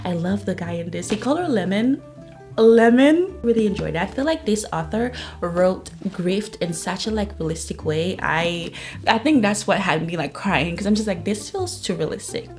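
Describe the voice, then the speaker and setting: Young woman, chatty book vlogger, gushing, acts out quotes, soft music behind. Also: lowish voice. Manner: gushing, chatty, retells plots with quick quoted asides. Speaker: book reviewer. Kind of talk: casual monthly reading wrap-up.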